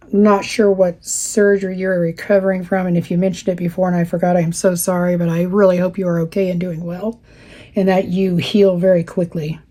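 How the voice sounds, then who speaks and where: This woman in her fifties talks in a warm, mellow tone as she chats through viewer comments in a casual craft vlog. Her voice sounds slightly worn, and she laughs easily between thoughts. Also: medium pitch. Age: 50s. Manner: chatty and warm, laughs often. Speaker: craft channel host. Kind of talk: casual chat while stitching, reading viewer comments.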